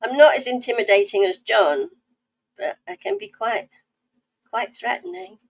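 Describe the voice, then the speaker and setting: This livestream art host, a woman with a South East London accent, chats in a playful way as she draws and reads out her viewers' comments. Her voice is a little high and very animated at normal speed, though the audio is poor.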